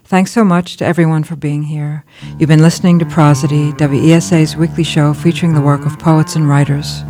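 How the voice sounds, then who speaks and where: A woman hosts a literary radio show, introducing each reader and reading the closing credits in a polished, practiced announcer voice. Soft music plays faintly beneath her words. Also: deep voice, little pitch movement, brisk.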